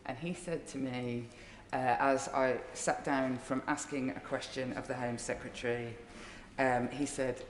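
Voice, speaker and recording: This woman, an MP from Birmingham, England, has a very deep voice with fairly even intonation and speaks a little slowly. Her tribute speech blends fond jokes with warm laughter between phrases; the echoey chamber adds long reverb, and there's a little hiss or hum.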